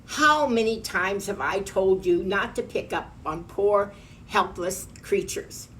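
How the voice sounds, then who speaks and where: A tiny old mother from a children's book, shrill and stern, quick to scold her giant son, as a woman puts her on. She speaks slowly, a bit far from the mic with faint hum behind. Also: lively intonation.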